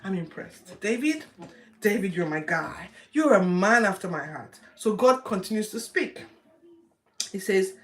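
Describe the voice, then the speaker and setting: A woman hosting a Bible reading, chatting lively with her viewers as she teaches. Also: medium pitch, unhurried. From Nigeria. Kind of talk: casual livestream Bible teaching.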